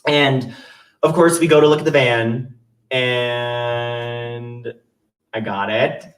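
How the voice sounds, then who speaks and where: A man's voice: mid-range voice, fairly even intonation, takes it slowly, far from the mic. A young man telling a funny personal story on stage in a chatty, self-mocking way. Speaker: solo stage performer. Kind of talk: storytelling monologue with songs.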